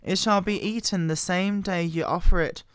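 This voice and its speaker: A woman with a bad cold, hoarse and quiet, her voice wobbling as she reads scripture aloud close to the microphone. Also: fairly even intonation, dry recording. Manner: quiet, halting, voice wobbling in pitch. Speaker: Bible reader. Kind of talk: slow scripture reading.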